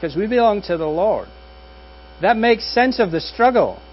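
A man's voice: high-pitched, lively intonation, normal speed. A man preaching a sermon as pastor in a conversational, wry manner with dry jokes. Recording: dull audio with faint mains hum.

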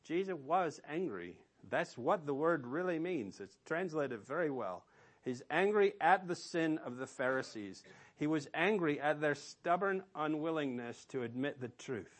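A man's voice: on the high side, lively intonation, unhurried. Man preaching with emphatic questions. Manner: emphatic, asks the listeners rhetorical questions. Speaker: pastor. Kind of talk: sermon.

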